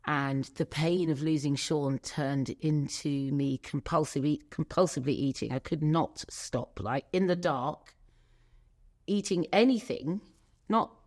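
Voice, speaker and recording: As an interview guest, a woman recounts a painful personal story, emotional and searching for words, pausing along the way. Her voice is deep and a little mellow.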